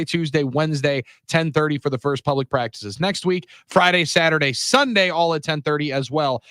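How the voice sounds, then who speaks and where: A man hosting a sports radio show, talking casually in energetic, rambling bursts at a studio mic. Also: mid-range voice, no room sound. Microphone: studio microphone.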